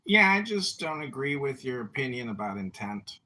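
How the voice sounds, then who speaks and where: A man in a casual political debate who answers with short, blunt, dismissive remarks. His voice sounds bright and forceful. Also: medium pitch, very animated, moderate pace. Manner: blunt, dismissive one-liners. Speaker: debate participant.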